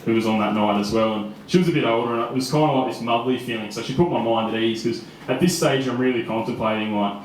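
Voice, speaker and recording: A man's voice: mid-range voice, fast, few pauses, a little hiss or hum. A young man in his twenties with an Australian accent, telling a personal story live on stage in a casual, chatty way with frequent laughs and fillers. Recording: echoey room.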